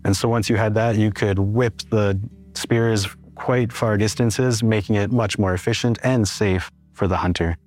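A man explaining in a steady interview manner, often linking ideas with "and so". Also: fairly low pitch, unhurried, soft background music.

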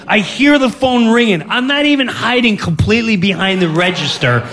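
A man telling a fast, animated stand-up comedy story. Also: high-pitched, a little hiss or hum.

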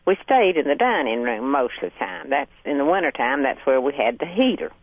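A woman's voice: low-pitched, animated, brisk. An older woman, calling in to a radio show and telling a story in a chatty way, laughing often. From Hartwell, Georgia, USA. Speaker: radio caller. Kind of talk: casual storytelling on a call-in show. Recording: tinny phone line.

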